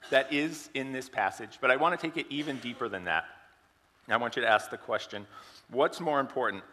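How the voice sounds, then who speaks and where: A man's voice: medium pitch, bright, forceful tone, long reverb tail. A man giving a sermon, telling an illustrative story and asking the congregation questions. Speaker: preacher.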